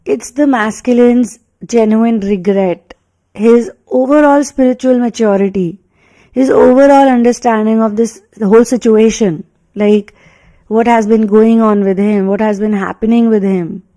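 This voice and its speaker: A woman's voice: on the high side, steady tone, measured pace, warm tone, poor audio. A woman with an Indian English accent, a tarot and energy reader, giving a spiritual reading in an earnest, repetitive way, full of fillers and emphatic restatements.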